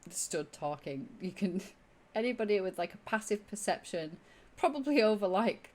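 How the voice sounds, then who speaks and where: A woman's voice: medium pitch, lively intonation, moderate pace, darkish tone. A woman narrating as game master of a tabletop game, rambling casually with many fillers. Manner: rambling, lots of fillers and laughs.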